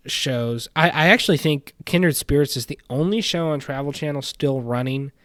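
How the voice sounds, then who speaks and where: On his casual podcast, a young male host comments on drama in the paranormal community, his animated indignation sometimes dropping to a mutter. He speaks at a medium pitch, with no room sound.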